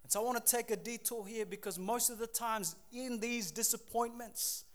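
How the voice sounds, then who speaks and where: A pastor in his thirties preaching a sermon, animated, acting out quick voices and laughing at himself. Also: very high-pitched.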